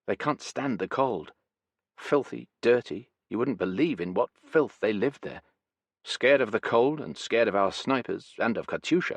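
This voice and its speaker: A man's voice: lowish voice, no room sound. A man reading as a boyish young soldier. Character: young Red Army soldier, boyish, scornful.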